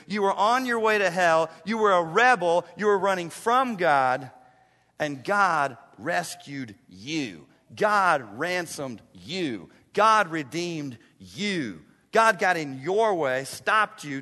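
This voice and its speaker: A man preaching a passionate sermon as pastor, swinging between loud emphasis and hushed asides in a church. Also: high-pitched, long reverb tail. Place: church sanctuary.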